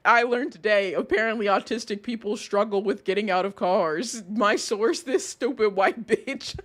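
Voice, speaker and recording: A woman's voice: mid-range voice, moderate pace, a bit bright. A young woman streaming, reacting to a video in a casual, incredulous way, laughing and swearing often.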